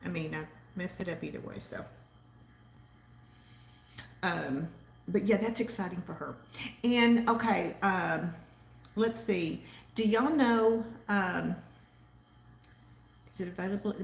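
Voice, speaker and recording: A woman's voice: mid-range voice, slow, vocal fry, long pauses, reverberant. A woman with a Southern accent hosting a casual live-stream chat, rambling chattily and reading viewer comments aloud. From Texas. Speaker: host.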